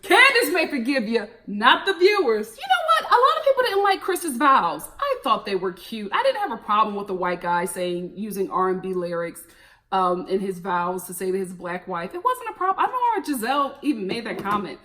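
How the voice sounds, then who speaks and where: A woman's voice: medium pitch, big pitch swings, a little fast, sharp tone. A young woman reviewing a reality TV show in casual, sassy, blunt commentary with teasing asides.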